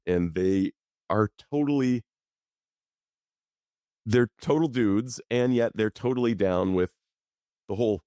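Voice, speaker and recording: A man with a fairly low voice talks as a psychologist guest on a podcast. He tells stories in an animated, expressive way. The close mic gives a dry sound with almost no room. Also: smooth, no echo. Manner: lively, expressive storyteller. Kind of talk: conversational podcast interview.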